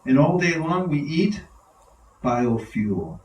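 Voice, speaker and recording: This spiritual teacher speaks slowly in a rather high register, and a loud crowd can be heard. He laughs frequently and tells his stories with animated enthusiasm during a devotional talk. The mic is far away in a big, echoing room full of listeners.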